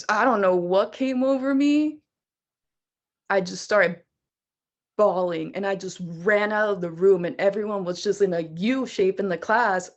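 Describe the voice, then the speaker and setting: A young woman, a choir singer, telling a personal story in a casual chatty way with lots of "like" fillers. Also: medium pitch. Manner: chatty, laughs often, fillers like "like". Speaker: guest, choir vocalist.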